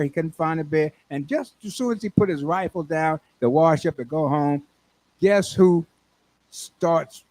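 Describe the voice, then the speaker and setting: A man's voice: sits high, a little mellow, no room sound. A man hosting a radio show, rambling and laughing at his own jokes. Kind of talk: radio talk and joke telling. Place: radio studio.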